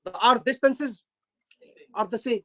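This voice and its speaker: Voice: medium pitch, a little slow, sharp tone, highs cut off. Repetitive instructor quizzing a live class. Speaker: medical exam instructor.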